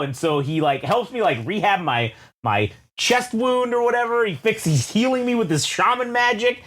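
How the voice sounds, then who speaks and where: Animated swearing male podcast co-host. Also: high voice, normal speed. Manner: animated, swearing, acts out characters in his story. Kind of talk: casual chat, storytelling.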